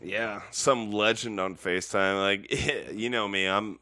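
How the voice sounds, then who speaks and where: A man's voice: on the low side, measured pace, pushed and bright, dry recording, studio quality. A man co-hosting a casual podcast, rambling and swearing as he laughs through his stories. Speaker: podcast co-host.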